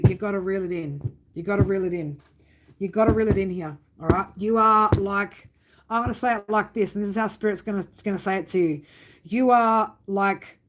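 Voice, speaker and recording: A woman reads tarot live for her viewers, with a medium voice that is neither high nor low. She talks straight, giving tough love and swearing freely, and keeps checking in with "right?". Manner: blunt, swearing, fond tough-love talk with many "right?" tags. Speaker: tarot reader.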